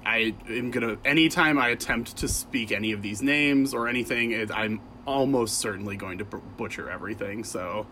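A man's voice: fairly low pitch, brisk, few pauses, pushed and bright, slight background noise. A man co-hosting a film podcast, rambling and self-deprecating with many fillers. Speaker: podcast co-host. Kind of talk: casual chat.

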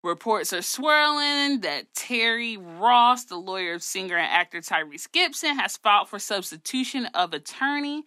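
A woman's voice: mid-range voice, pushed and bright, no echo. A woman co-hosting a casual gossip chat, sassy, blunt and profane. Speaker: podcast co-host.

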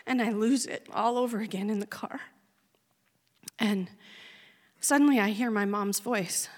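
An unhurried, medium-pitched voice belongs to a woman in her thirties from Oregon, USA. On stage, she tells an earnest, emotionally raw personal story, and the recording carries a long hall reverb.

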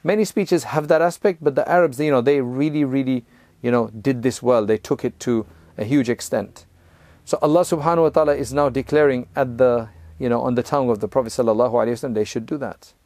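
Quick-paced and darkish in tone, this medium-pitched man is recorded dry. An Islamic teacher, he walks through a religious lesson step by step in a conversational way, often asking "right?" or saying "you know", and now and then chanting Arabic verses.

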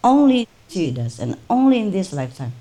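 A woman, a spiritual teacher, telling a story to her disciples in an animated, informal way, laughing often. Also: medium pitch, a little fast.

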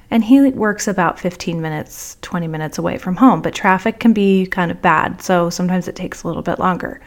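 A woman's voice: fairly low pitch, a little fast, hardly any pauses. Woman telling a personal story. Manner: animated, acts out quoted dialogue. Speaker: podcast host.

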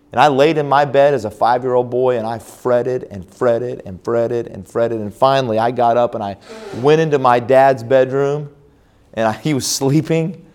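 A man in the pastor's role tells his story at a church conference in a mid-pitched voice. He speaks in sermon-testimony fashion, restarting often and leaning on fillers as he goes. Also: darkish tone.

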